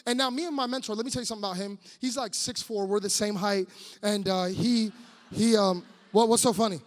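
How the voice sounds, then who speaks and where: A man in his thirties giving an animated, joking sermon to students, sometimes breaking into shouts. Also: high-pitched, fairly quick. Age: 30s. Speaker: youth speaker. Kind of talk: comic sermon storytelling. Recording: long hall reverb.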